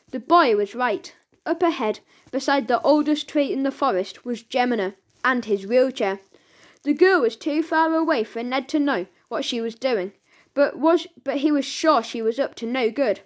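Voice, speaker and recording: High-voiced woman reading a children's story. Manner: lively storytelling with sound words. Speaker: audiobook narrator. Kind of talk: children's audiobook narration.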